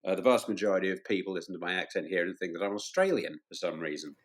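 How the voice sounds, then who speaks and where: Low-voiced British man, chatty guest. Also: expressive, quick pace. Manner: chatty, self-deprecating, lots of fillers and restarts. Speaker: podcast guest. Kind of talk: casual interview chat.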